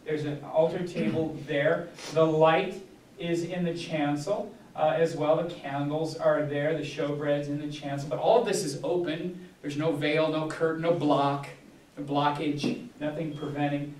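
Pastor teaching a Bible study, male, slightly high voice, digressive delivery, recorded far off in a roomy hall. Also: flat delivery, a little slow, darkish tone, a little hiss or hum. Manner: rambling, digressive, many restarts and fillers. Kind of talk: casual teaching talk. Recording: echoey room, distant mic.

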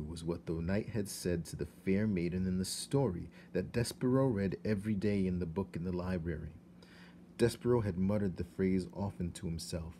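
Male teacher reading aloud, low, expressive, slight hiss behind. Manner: expressive, shifts to hushed tones. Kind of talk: read-aloud storytelling.

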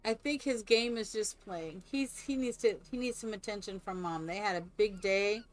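A woman's voice: medium pitch, moderate pace, faint music behind. An older woman streaming a game, chatting casually, thinking aloud and cooing at her family. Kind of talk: casual gameplay chat.

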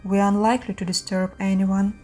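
A woman's voice: medium pitch, level tone, quick pace, mellow, lightly acted. A woman voicing a tired, irritable husband who speaks curtly, over faint music. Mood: weary. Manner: curt and irritable.

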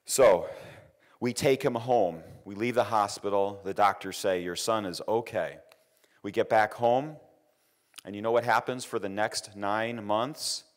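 Low-voiced man telling a lecture story. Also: measured pace. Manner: anecdotal, repeats words, quotes others in raised voice. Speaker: engineering lecturer.

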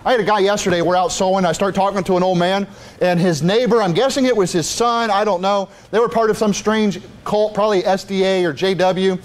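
Emphatic high-pitched male preacher. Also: steady tone, a little fast. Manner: emphatic, repetitive preaching with rhetorical asides. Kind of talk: sermon.

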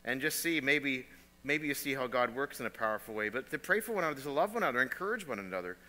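A man preaching a sermon as pastor, earnest, repeating phrases and moving between soft and emphatic delivery. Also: medium pitch, lively intonation, fast, big-room sound. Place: church sanctuary.

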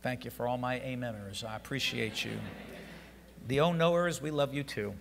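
A male pastor preaching an Easter sermon, building from quiet, close talk to loud shouted passages, with a congregation answering. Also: medium pitch, normal speed, gravelly, long reverb tail. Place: church sanctuary.

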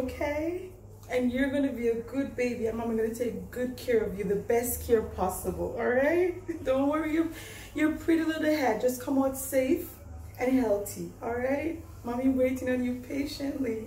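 A woman's voice: high-pitched, a little mellow, recorded from a distance, slight background noise. A young woman chatting to camera in a casual vlog, giggly and emotional, laughing often. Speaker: vlogger. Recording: echoey room.

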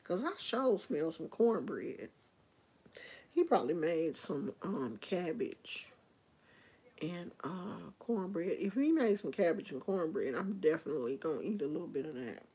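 Slow, low-voiced chatty woman vlogger. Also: animated, dark tone, slightly rough. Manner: chatty, rambling, opinionated. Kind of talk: casual vlog chat.

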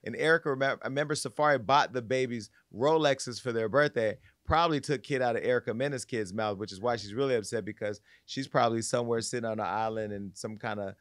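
A man's voice: mid-range voice, fast talker, hardly any pauses, fairly bright tone, no room sound, clean studio sound. A man hosting a pop culture podcast, talking bluntly and candidly with crude jokes. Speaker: podcast host. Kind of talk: casual pop culture gossip.

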